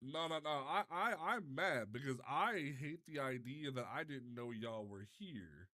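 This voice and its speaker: A man's voice: mid-range voice, animated, unhurried, pushed and bright. A young man hosting a casual live stream, flustered and swearing while he fixes his chat setup. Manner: flustered, swearing, restarts often. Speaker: livestreamer.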